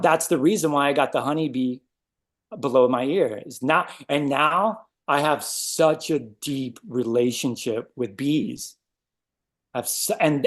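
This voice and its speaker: A man shares a personal story in a loose, casual way. His voice sits a bit high for a man, and he acts out his own reactions with plenty of animation. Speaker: guest sharing a story.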